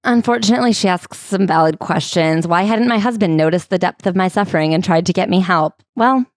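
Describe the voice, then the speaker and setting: A woman's voice: lowish voice, fairly quick, dry recording, studio quality. Wry woman podcast co-host. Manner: wry, sarcastic asides. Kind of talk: comedic book recap chat.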